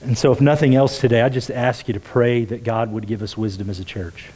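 A man preaching a sermon as pastor in a church, earnest, dropping to a hush for quoted words. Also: mid-range voice, fairly even intonation, fairly quick, breathy edge, rough recording. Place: church sanctuary.

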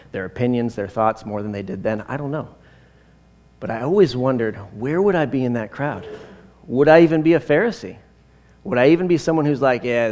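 A man in his forties delivering a sermon like a chat, drifting into personal tangents with plenty of fillers before getting back to the scripture. His voice sits at a middling pitch. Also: darkish tone. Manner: conversational, rambling with fillers and asides. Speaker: pastor.

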